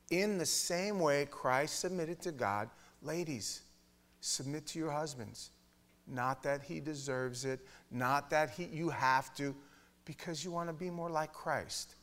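A middle-aged man preaching a sermon in a Bible study, blunt and emphatic, with his voice swinging from loud to hushed. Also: a little high, unhurried. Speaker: pastor teaching a Bible study.

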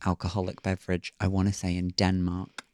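A comedian guest on a podcast, chatting casually with wry asides. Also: male voice, low voice, monotone, fairly quick, a little mellow, dry recording, studio quality. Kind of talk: casual chat.

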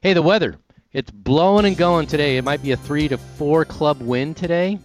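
A man's voice: a little high, moderate pace, soft background music. Chatty Texan radio host, man. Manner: chatty, animated, rambling. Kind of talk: casual radio chat and live read.

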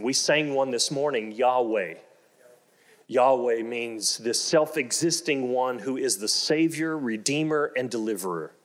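In this sermon, the middle-aged pastor's delivery climbs from a slow, low storytelling tone to energetic, loud declarations, and he keeps restating phrases to stress them.

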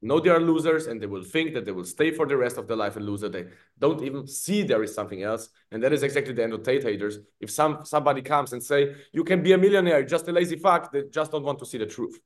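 A man's voice: mid-range voice, fast talker, few pauses. A man, a fight coach guest on a podcast, speaking in a blunt, motivational way with short, firm statements. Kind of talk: casual podcast conversation.

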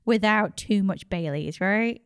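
A woman's voice: mid-range voice, measured pace, smooth, no room sound, studio quality. A woman in her thirties or forties, co-hosting a casual podcast chat in a chatty, playful way and laughing often. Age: 30s to mid 40s. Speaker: podcast co-host.

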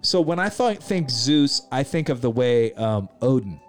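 A man's voice: medium pitch, lively intonation, measured pace. A man co-hosting a casual film review chat, agreeable and talkative, often chiming in with yeah.

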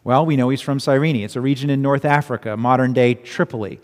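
A man preaching a sermon as pastor, earnest and conversational, often checking in with his listeners with quick asides. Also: mid-range voice, big-room sound.

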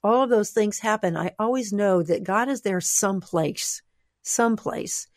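A woman author talking as a guest in an interview, animated and expressive, sometimes playful. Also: medium pitch, moderate pace, no echo, clean studio sound. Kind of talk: conversational interview.

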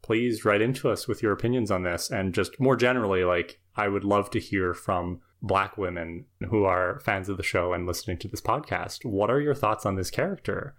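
A podcast co-host giving thoughtful, measured commentary in casual chat. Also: sits low, a bit bright. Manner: thoughtful, measured, uses fillers.

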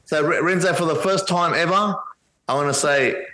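A man's voice: on the high side, moderate pace, sharp tone, poor audio. Profane ranting man on a podcast. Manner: blunt and heavily profane ranting. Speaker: podcast co-host. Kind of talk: casual chat, wrestling review.

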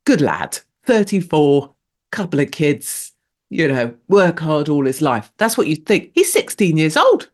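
A woman's voice: sing-song, measured pace, darkish tone. Chatty woman hosting her show. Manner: chatty and rambling, with pitch leaping up for emphasis and frequent laughs. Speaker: show host. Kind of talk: casual live-show monologue.

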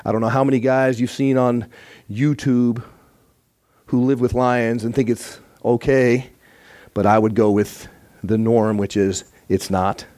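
A man's voice: medium pitch, steady tone, unhurried, a little mellow. Earnest man preaching a sermon. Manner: earnest, emphatic. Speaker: church teacher.

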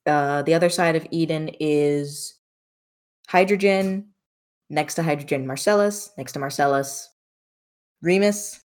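A woman's voice: low voice, measured pace, pauses often, a little mellow. A woman narrating as game master of a tabletop game in a casual, loose way.

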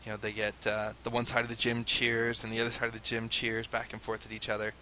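An animated man from the United States tells a story with a bright, forceful voice. He laughs often and mimics crowd chants. A faint hiss sits under the recording. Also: fairly low pitch, fast talker. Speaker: father telling a story. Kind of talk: casual conversation, anecdote.

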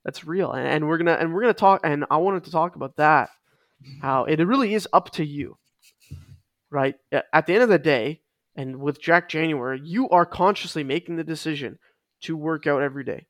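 A man's voice: fairly high pitch, a little fast, fairly bright tone, no room sound, clean studio sound. A man co-hosting a casual fitness podcast, talking with emphasis and repeating his key points. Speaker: podcast co-host.

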